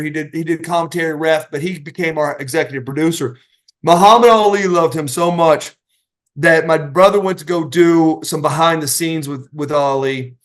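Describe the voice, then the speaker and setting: A middle-aged man, a retired wrestler and podcast guest, telling stories in a casual, animated way, acting out the voices of the people in them. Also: on the high side. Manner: animated anecdotes, acting out quoted voices, many restarts. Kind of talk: casual storytelling.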